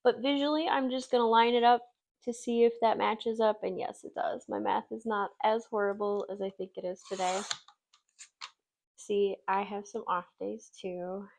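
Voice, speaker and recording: A woman's voice: medium pitch, little pitch movement, normal speed, creaky, darkish tone. Woman from Wisconsin, craft host; casual, self-deprecating, talks while she works. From Wisconsin, USA. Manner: chatty, self-deprecating, laughs easily.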